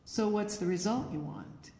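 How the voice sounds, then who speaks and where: A woman's voice: mid-range voice, normal speed, warm tone. A woman lecturer giving direct, instructive advice to an audience through a microphone. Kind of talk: presentation to an audience. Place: church hall. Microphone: handheld or stand microphone. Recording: echoey hall with long reverb.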